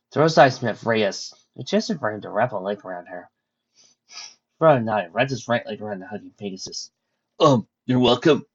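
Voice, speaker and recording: A reader narrating a fan story, lively with occasional slips, in a muffled lo-fi recording. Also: medium pitch, husky.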